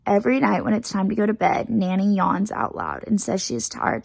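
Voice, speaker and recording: Gravelly-voiced woman reading a children's book. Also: mid-range voice, moderate pace, few pauses, no room sound, poor audio. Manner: lively first-person storytelling, mimicking a child's bossy chatter. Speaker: storybook reader for children. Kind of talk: reading a picture book aloud.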